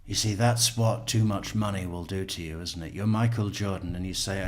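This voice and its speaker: A man with a fairly low voice comments casually on recorded calls. He rambles through side stories, swears freely and chuckles as he goes. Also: fairly even intonation, normal speed, hardly any pauses. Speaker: true crime commentator.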